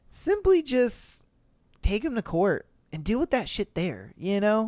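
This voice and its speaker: A man's voice: high voice, clean tone, no room sound. A man hosting a podcast, rambling casually in reaction commentary, swearing and laughing often. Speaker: podcast host.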